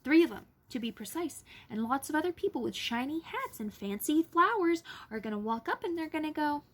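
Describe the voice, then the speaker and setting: A woman's voice: high voice, big pitch swings, a little fast, fairly bright tone. Anxious, rambling young woman vlogger. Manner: rambling, anxious, self-deprecating. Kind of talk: casual selfie vlog. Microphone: phone.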